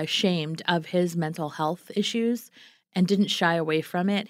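A woman's voice: on the low side, no room sound, studio quality. A woman guest telling, in an earnest reflective way, how she met and married her husband. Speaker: interview guest, wife. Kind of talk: reflective storytelling.

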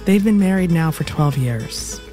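A woman narrates a podcast in a measured, scripted way with a dry, wry edge. Her voice is mellow and warm, and soft music plays under her. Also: sits low, expressive.

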